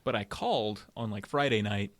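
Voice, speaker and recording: A man's voice: lowish voice, animated, moderate pace, dry recording. A man co-hosting a casual podcast, telling stories in an easygoing way and laughing often. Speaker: podcast co-host. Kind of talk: casual storytelling chat.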